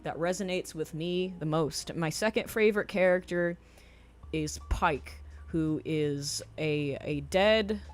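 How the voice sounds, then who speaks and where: A woman's voice: fairly low pitch, slow, soft background music. A young woman streamer ranting on a live stream. She swears constantly and fills her talk with ums. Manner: profane, escalating rant with frequent ums.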